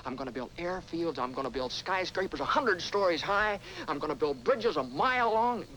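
An eager young dreamer from an old 1940s film, his voice pitched a little high. He talks big and playfully, with a faint hiss behind him. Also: lively intonation, moderate pace, sharp tone, low-quality recording. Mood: dreamy. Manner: boyish, big-talking and playful. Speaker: film character.

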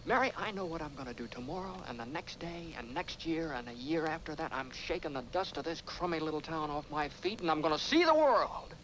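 A man's voice: a little high, expressive, a little fast, hardly any pauses, a bit bright, a little hiss or hum, rough recording. An actor playing an eager young man who talks big about seeing the world, in 1940s film style. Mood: dreamy. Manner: boyish, big-talking and playful. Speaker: film character.

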